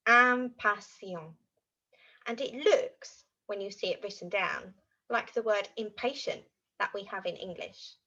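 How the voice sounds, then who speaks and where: A woman teaching French to young children in an animated, exaggerated way, acting out feelings as she goes. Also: mid-range voice, lo-fi sound. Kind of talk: children's language lesson.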